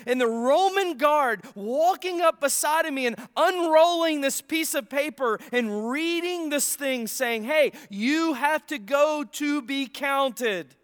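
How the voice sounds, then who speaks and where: High-voiced male pastor telling a dramatic story. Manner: dramatic storytelling, swinging from loud emphasis to near-whispers; conversational, asks the congregation for responses. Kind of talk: sermon. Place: church.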